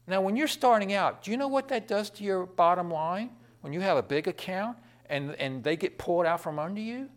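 An impassioned man preaching a sermon in a high, lively voice. His pitch leaps about as he moves from ringing proclamations down to hushed, intimate storytelling. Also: fairly quick, hardly any pauses. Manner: impassioned, swings between loud proclamation and quiet storytelling.

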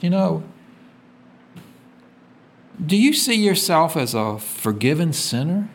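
A man's voice: big pitch swings, unhurried, long pauses. A man preaching a sermon, reading scripture aloud and asking his listeners to fill in the words. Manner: call-and-response questions, reads scripture aloud; swings from loud emphatic peaks to quiet low drops.

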